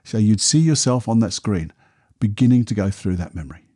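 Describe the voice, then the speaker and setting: A man, a podcast host and therapist, talking a listener calmly through a guided exercise in a soft, unhurried voice. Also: fairly low pitch. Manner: calm, soft, unhurried guiding voice.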